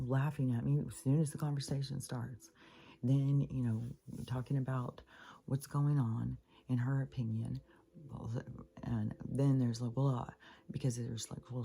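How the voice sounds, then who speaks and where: An older woman with a very deep, dark, breathy voice edged with vocal fry vents in a rambling personal monologue for her spiritual vlog. She swears freely as she talks.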